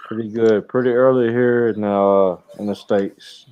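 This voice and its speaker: A man's voice: lowish voice, steady tone, measured pace, clean tone, muffled recording. A man chatting in a casual livestream, easygoing and friendly.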